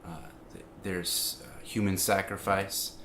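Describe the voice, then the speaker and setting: Low-voiced man preaching casually. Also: slow pace, slight background noise. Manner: conversational, many fillers and restarts, grows animated at the climax. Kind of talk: informal sermon.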